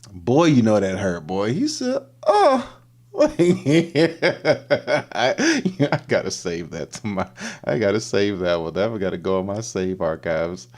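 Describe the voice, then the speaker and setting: Animated man reacting on a livestream. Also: lowish voice. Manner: animated, laughing often, repeats punchlines. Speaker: livestream host.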